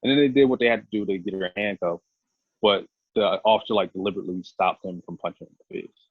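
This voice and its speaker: Low husky man on a tinny line. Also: quick pace, no echo. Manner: earnest, rambling explanations full of restarts. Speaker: police officer and podcast co-host. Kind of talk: casual podcast discussion. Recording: dry, tinny phone-like line.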